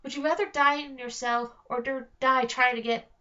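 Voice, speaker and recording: A woman's voice: sits high, steady tone, moderate pace, pushed and bright. A woman voicing a brave, bossy girl twin who takes charge, urgent and commanding. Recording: dull lo-fi recording.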